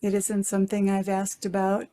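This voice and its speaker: A woman speaking as a guest in a casual interview over a video call. She talks frankly and directly in a mid-pitched voice and laughs easily. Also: monotone, normal speed, dark tone. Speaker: spiritual teacher and author, interview guest.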